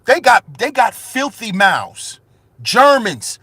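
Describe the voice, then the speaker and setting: A man's voice: very high-pitched, big pitch swings, slow, bright, forceful tone, slightly rough, no echo. A man hosting his own channel, delivering an impassioned monologue with rhetorical questions and repeated phrases, raising his voice with passion. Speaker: commentary channel host.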